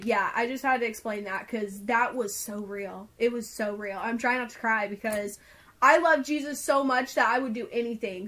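Young woman telling a story, "like" constantly. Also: on the high side. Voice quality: filler-heavy, says "like" constantly. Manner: excited and earnest retelling. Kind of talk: casual storytelling.

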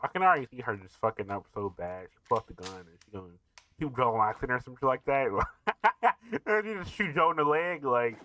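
Excitable, swearing man reacting to a show. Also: medium pitch, quick pace. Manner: profane, laughing, excitable asides. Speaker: reaction video host. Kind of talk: casual reaction commentary.

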